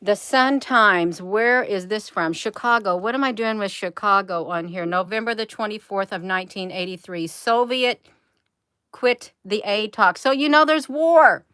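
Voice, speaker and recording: A woman's voice: mid-range voice, measured pace, fairly bright tone, clean tone, dry recording, clean studio sound. A woman, rambling emphatically to her viewers in a casual livestream. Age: 50s. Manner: rambling, emphatic, addresses viewers as "you all". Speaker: channel host.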